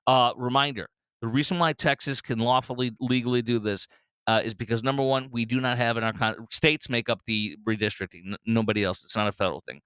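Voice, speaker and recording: A man's voice: medium pitch, fairly even intonation, brisk, fairly bright tone, clear, resonant tone, dry recording. A man hosting a solo political commentary show, talking bluntly and mockingly with frequent fillers and restarts.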